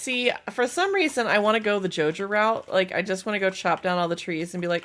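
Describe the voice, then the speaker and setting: A young woman chatting casually while livestreaming a game, self-deprecating and quick to laugh. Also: mid-range voice, fairly bright tone. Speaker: streamer. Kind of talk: casual gaming livestream chat.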